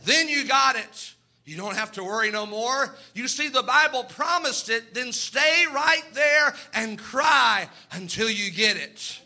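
Male preacher, very high and piercing voice, fervent sermon delivery that voices the people in his stories. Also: lively intonation, unhurried, pushed and bright.

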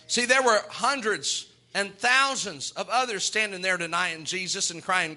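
A man's voice: high voice, unhurried, hardly any pauses, pushed and bright. A male preacher delivering a folksy, emphatic sermon, often restarting his phrases as he drives a point home.

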